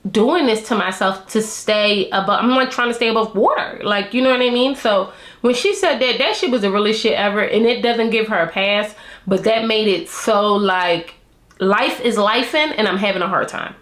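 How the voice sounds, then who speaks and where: A woman's voice: medium pitch, moderate pace, a bit bright. A woman vlogger reviewing a reality show, chatting to her viewers in a candid, slangy way and laughing often. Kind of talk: casual chat to camera. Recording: roomy echo.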